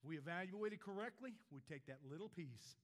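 Older preacher man, fairly high voice. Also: animated, brisk. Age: 60s. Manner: swings between emphatic rises and quiet, low drops on key words. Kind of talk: sermon. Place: church.

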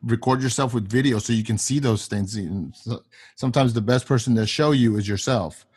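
A man's voice: medium pitch, a little fast, a little mellow, slightly rough. A man interviewing a guest in a casual conversation, mostly giving short affirmations. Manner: brief affirming responses.

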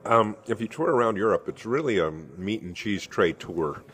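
A man co-hosting a podcast from a restaurant table, chatting in a relaxed way with dry humor. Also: fairly low pitch, moderate pace. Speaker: podcast co-host. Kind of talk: casual chat.

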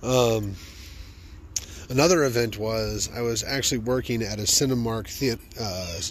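A man hosting a podcast, telling funny personal stories in an animated, joking, self-amused way. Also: mid-range voice, measured pace, a little hiss or hum. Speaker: podcast host. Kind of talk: comic personal storytelling.

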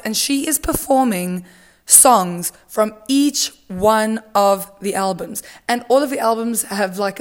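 A young woman from South Africa hosting a solo podcast, chatting casually with dramatic rants and plenty of filler words. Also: medium pitch. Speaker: podcast host.

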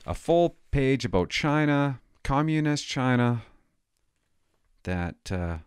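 A man's voice: medium pitch, expressive, slow pace, smooth. Sarcastic man scoffing at headlines. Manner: sarcastic, mock-indignant, reads headlines aloud then scoffs. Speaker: commentator reading a newspaper aloud. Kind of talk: sarcastic mock-outraged commentary.

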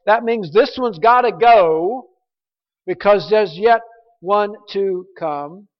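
A man's voice: high voice, slow pace. A man preaching a verse-by-verse sermon, emphatic and prone to repeating words as he stresses a point. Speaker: pastor. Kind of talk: expository sermon. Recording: muffled recording in a reverberant hall.

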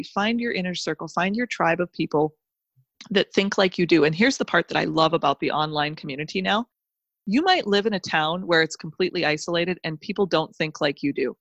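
Fired-up woman with a low, dry voice. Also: fairly bright tone, no room sound, lo-fi sound. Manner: fired-up, emphatic, repeats phrases. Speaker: podcast guest. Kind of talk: motivational pep talk. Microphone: close podcast mic.

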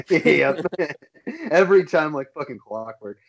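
A man's voice: fairly high pitch, lively intonation, takes it slowly, creaky, dull audio. A young man casually ranting on a podcast, swearing constantly and laughing often. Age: young adult. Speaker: podcast co-host. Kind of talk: casual chat.

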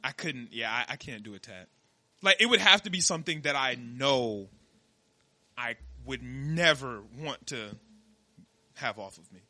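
A man co-hosting a podcast in casual chat, telling stories loudly and acting out what others said, with plenty of swearing. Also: medium pitch, a little slow, long pauses, no room sound. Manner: loud, animated storytelling, swears freely, acts out quotes. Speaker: podcast co-host.

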